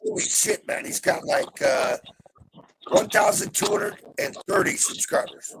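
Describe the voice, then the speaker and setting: A man's voice: lively intonation, unhurried, creaky, heavy background noise. A middle-aged man bantering casually on a live stream, joking and swearing. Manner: swearing, joking, wild pitch jumps.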